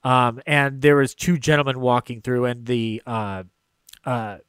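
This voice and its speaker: A man's voice: medium pitch, level tone, unhurried, fairly bright tone, smooth, no room sound. A man co-hosting a casual film podcast, recapping scenes in a rambling way with lots of fillers. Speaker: podcast co-host.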